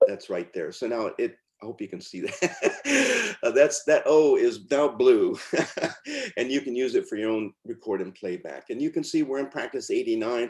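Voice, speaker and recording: A man teaching as he walks through pronunciation lessons on screen, in an informal way with fillers and restarts. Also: on the low side. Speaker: teacher demonstrating software. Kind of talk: screen-share walkthrough.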